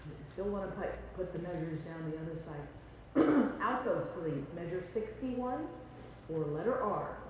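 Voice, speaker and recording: A woman with a lowish voice leads a choir rehearsal at normal speed, chatty and joking as she sings rhythms on syllables and counts the singers in. She's recorded from far off in a large, echoey rehearsal hall, with music and slight background noise.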